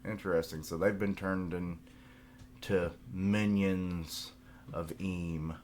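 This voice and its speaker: A man streaming a casual manga reaction, thinking aloud, reading the panels' dialogue aloud in a flat tone, and laughing often. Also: low voice, slow, slight background noise.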